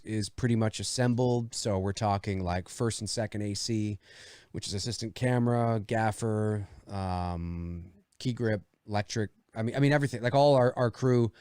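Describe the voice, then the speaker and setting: A man's voice: lowish voice, a little mellow, clean tone, no room sound, studio quality. A man co-hosting a casual podcast chat, rambling and swearing freely. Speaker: podcast co-host.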